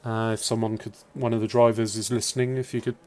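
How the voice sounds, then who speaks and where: A man's voice: fairly low pitch, flat delivery, quick pace, a little mellow. A man from England commentating a sim racing league in a chatty, cheeky way. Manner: chatty, cheeky, calls laps as they happen.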